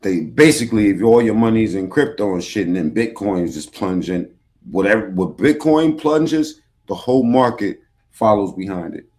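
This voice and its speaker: Laid-back, slangy man with a low voice. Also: expressive, normal speed, a little mellow. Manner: loose, slangy, profane. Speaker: podcast host reacting to a clip. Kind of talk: casual reaction chat.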